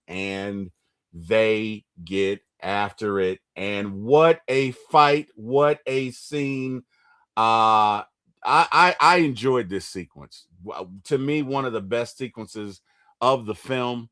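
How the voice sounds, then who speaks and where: A man hosting a casual movie recap chat, retelling scenes with lively bursts and quick impressions. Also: fairly low pitch, clear, resonant tone. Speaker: movie review podcast host.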